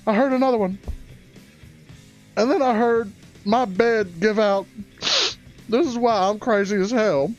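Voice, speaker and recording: Crude, excitable high-voiced man telling a story. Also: unhurried, pauses often, lo-fi sound, soft background music. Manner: crude, excitable, loud rising outbursts. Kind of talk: stand-up storytelling.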